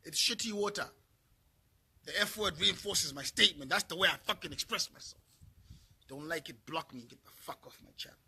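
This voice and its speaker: A middle-aged man from Zimbabwe, profane and heated, repeating himself as he rants to camera in a vlog. His voice sits high for a man, bright and a little husky. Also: brisk. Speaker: vlogger. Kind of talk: angry rant to camera.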